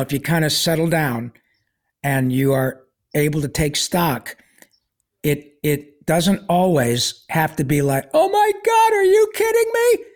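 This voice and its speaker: Wry, rambling male podcast guest. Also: fairly high pitch. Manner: rambling, with many fillers and restarts, wry humor. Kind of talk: casual storytelling.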